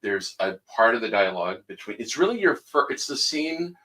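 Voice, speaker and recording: A man in his fifties co-hosting a casual interview, enthusiastic and quick to laugh. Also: medium pitch, big pitch swings, pushed and bright, rough recording. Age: 50s. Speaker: co-host.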